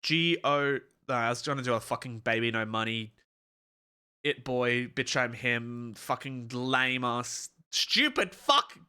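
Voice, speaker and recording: A man's voice: mid-range voice, a little slow, sharp tone, clear, resonant tone. A young man chatting on a live stream, swearing freely, ranting and slipping into mock-heroic storytelling. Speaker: livestreamer. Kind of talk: casual live-stream chat.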